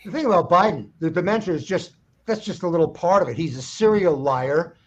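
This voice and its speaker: A male guest on a political talk show, stating views emphatically between halting "uh"s. His voice sits a little high. The sound is dull and lo-fi, as over a remote call. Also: a little hiss or hum. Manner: emphatic, opinionated, halting fillers. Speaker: guest songwriter. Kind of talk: casual political chat. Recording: dull lo-fi line.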